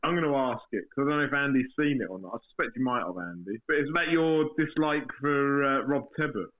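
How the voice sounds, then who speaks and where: A man co-hosting a podcast, chiming in with lively, jokey comments. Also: medium pitch, quick pace. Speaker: podcast co-host. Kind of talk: casual podcast chat. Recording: tinny phone-like line, far off.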